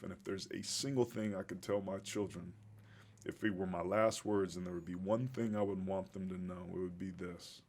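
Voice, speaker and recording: A man's voice: low-pitched, darkish tone. A man in his forties, a podcast guest, telling his story in a reflective, heartfelt and openly emotional way. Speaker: podcast guest, former pro football player. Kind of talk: interview storytelling.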